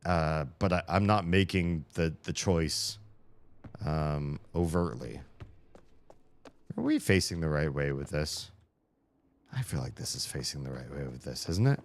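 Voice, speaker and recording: A man's voice: deep voice, animated, moderate pace, a little hiss or hum. An American man chatting casually on a live stream, earnest and reflective, drifting from thought to thought. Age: adult with children.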